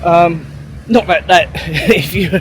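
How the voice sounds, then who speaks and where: A man's voice: fairly high pitch, takes it slowly, a bit bright, a little hiss or hum. A man, telling a long story in a rambling, sweary way, full of fillers and restarts. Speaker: vlogger. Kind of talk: casual storytelling monologue.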